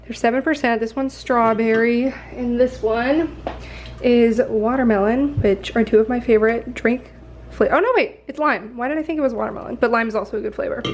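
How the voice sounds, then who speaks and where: Young woman in her twenties, casual vlog chatter, somewhat high voice, roomy echo, faint background hum. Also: fairly even intonation, fairly quick. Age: 20s. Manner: chatty, rambling, often laughing. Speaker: lifestyle vlogger. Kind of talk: casual vlog talk to camera. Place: apartment and city streets. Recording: echoey room, faint ambient noise.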